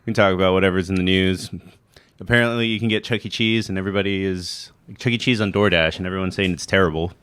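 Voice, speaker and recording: Co-host, male, lowish voice, laid-back chatter, close dry sound. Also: fast, smooth, no room sound. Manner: relaxed, conversational. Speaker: podcast co-host. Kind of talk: casual chat.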